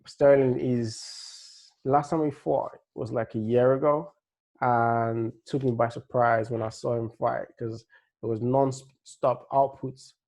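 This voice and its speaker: Laid-back man with a gravelly voice. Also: mid-range voice, steady tone, slow, a little mellow. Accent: Nigerian-tinged English. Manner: laid-back, rambling, many fillers and restarts. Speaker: MMA fight analyst. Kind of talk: casual fight-prediction breakdown.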